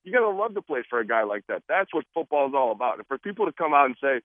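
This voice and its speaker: A man's voice: mid-range voice, quick pace, no room sound. A man, a football player, joking and acting out quotes in a casual radio interview. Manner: animated, joking, acts out quotes. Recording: tinny phone line.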